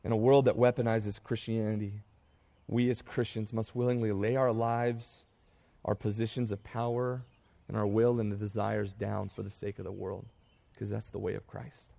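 A man's voice: on the low side, little pitch movement, gravelly, warm tone. A young man as a pastor giving a farewell sermon, building through emphatic repeated phrases, his voice catching with emotion. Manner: builds to rising emphatic repetition, then tearful and halting.

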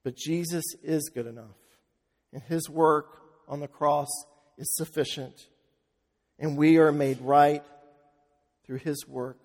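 Male pastor, sermon delivery, unhurried, hushed dips and loud swells, reverberant sanctuary. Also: on the high side. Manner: slow, with hushed drops and swells to loud emphasis. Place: church sanctuary. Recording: long reverb of a large hall.

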